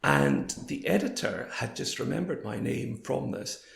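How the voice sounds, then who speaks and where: A man in his fifties, hoarse, telling stories as an interview guest. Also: mid-range voice, a little slow. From Scotland. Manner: anecdotal, quoting others in lively voices. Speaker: guest, former broadcaster. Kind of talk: storytelling in a casual interview. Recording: roomy echo.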